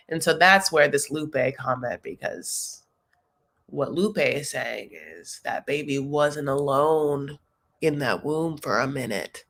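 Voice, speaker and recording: A woman with a fairly low voice hosts a casual live reaction chat. She talks in a chatty, sassy way, tossing out jokes and little asides as she goes. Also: expressive, takes it slowly, vocal fry, a bit bright. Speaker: recap show host.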